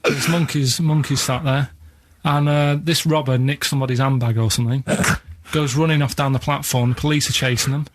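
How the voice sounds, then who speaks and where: A man's voice: medium pitch, steady tone, a little fast, few pauses. A man rambling hesitantly through stories and quiz clues on a radio show, with many fillers, in a studio.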